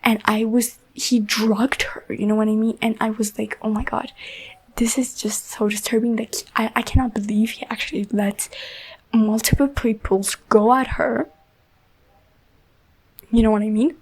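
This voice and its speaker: A woman's voice: fairly high pitch, fairly even intonation, moderate pace, darkish tone, husky, poor audio. A woman giving a casual, rambling spoiler review of a book, full of "like" and "you know", emotionally invested and often dropping into a half-whisper.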